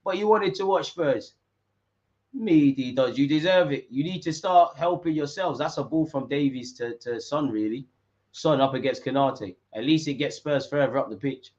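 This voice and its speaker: A young man, commentating a football match live with street-slang banter and sudden shouts. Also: on the high side, moderate pace, lo-fi sound. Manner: banter-heavy, mocking rival fans in street slang, bursts into shouts at big moments. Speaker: football watch-along streamer.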